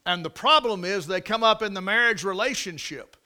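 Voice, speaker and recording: High, bright-voiced preaching man. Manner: preaching with repeated words, drawn-out emphasis and rhetorical questions. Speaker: pastor. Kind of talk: sermon.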